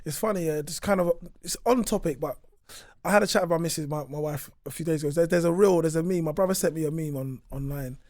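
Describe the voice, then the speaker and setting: A man's voice: fairly high pitch, quick pace, dry recording, studio quality. A man co-hosting a casual book discussion, telling stories with lots of restarts. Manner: animated storytelling, frequent restarts. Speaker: podcast co-host.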